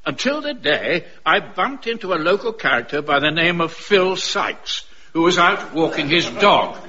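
A man's voice: fairly high pitch, sing-song, normal speed, sharp tone, muffled recording, a little hiss or hum. A man narrating his own misfortunes with grand, theatrical sorrow, as a scripted comic narrator. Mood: mournful.

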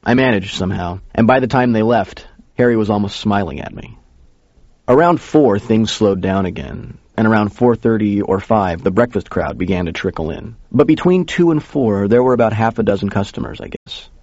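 A man's voice: lowish voice, animated, moderate pace, a little mellow, dry recording. A man narrating a first-person story in a casual, conversational way. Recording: dull lo-fi recording.

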